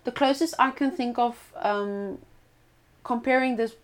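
A woman's voice: a little high, measured pace. A woman eagerly adding facts in casual chat, with fillers and restarts.

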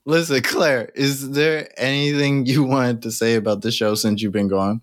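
A man's voice: medium pitch, steady tone, moderate pace. A man co-hosting a podcast, teasing and chatting casually. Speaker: podcast co-host. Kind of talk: casual chat.

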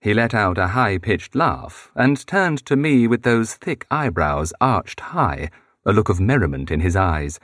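A man's voice: big pitch swings, a little slow, a bit bright, no echo, clean studio sound. A man reading a historical novel aloud as an audiobook, shifting his voice for each character. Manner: shifts pitch to voice different characters. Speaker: audiobook narrator.

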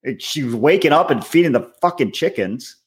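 Sarcastic podcast guy, kinda high voice, lots of swearing. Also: lively intonation, a little fast. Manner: blunt, profane, sarcastic. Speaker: podcast co-host. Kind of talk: casual chat.

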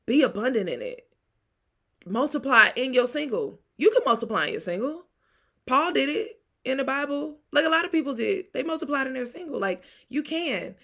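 A woman's voice: high voice, big pitch swings, normal speed, a bit bright. A woman, hosting a candid solo podcast like a singles coach, preaching and laughing often. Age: 30s. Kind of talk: reflective solo monologue.

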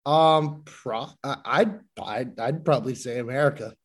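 A man's voice: mid-range voice, a little slow. A man rambling in a casual group chat over a video call, leaning on fillers. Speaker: panelist.

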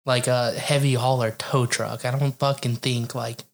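A man's voice: medium pitch, level tone, normal speed, gravelly. A man in casual chat, telling stories with heavy swearing and frequent laughter. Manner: laughs often, swears constantly. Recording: faint background noise.

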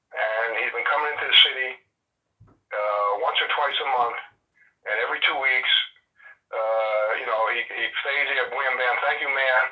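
A man's voice: mid-range voice, distant mic, lo-fi sound. A man telling a dating story in a chatty, rambling way, full of fillers. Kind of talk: casual comic storytelling.

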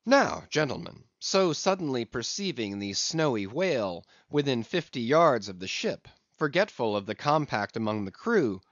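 Expressive male audiobook narrator. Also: medium pitch, normal speed, few pauses, dry recording. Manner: expressive, storytelling. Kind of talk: scripted narration of a classic novel. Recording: dull lo-fi audiobook recording.

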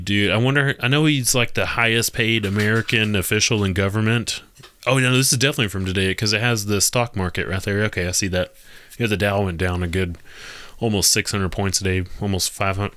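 A man's voice: on the low side, fairly bright tone, clean tone, no room sound. A man hosting his own podcast, reading news items aloud and breaking off into profane, exasperated rants in casual commentary. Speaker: podcast host. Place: home room.

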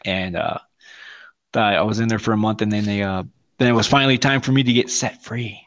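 A man's voice: on the low side, fairly quick. A man telling a long story in casual podcast chat, swearing freely and acting out what everyone said. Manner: profane, animated storytelling with quoted voices. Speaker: podcast co-host.

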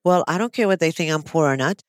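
Woman, psychologist podcast host, low-pitched, frank and emphatic, dry close sound. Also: animated, fast, dry recording. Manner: frank, emphatic, many affirming interjections. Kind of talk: casual podcast chat.

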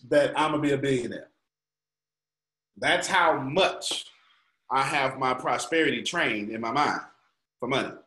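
A man leads a group call as a motivational coach, talking in an emphatic, colloquial, preachy way. His voice is bright and forward. The sound bounces around an echoey room. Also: on the high side.

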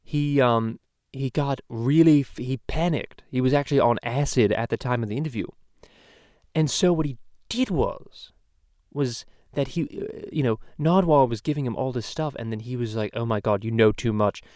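A man's voice: medium pitch, normal speed, darkish tone, no room sound, studio quality, lightly acted. A man voicing a crude, rambling middle-aged cartoon dad in a casual podcast chat, talking loosely and swearing often. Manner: rambling, profane, loose storytelling.

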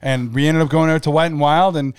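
A man's voice: fairly high pitch, fairly even intonation, fairly quick, a little mellow, clear, resonant tone, dry recording. A man in casual podcast chat, dropping dry joking asides.

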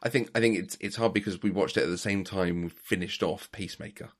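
Man, lowish voice, relaxed thoughtful podcast chat. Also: fast talker. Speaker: podcast co-host. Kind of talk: casual chat.

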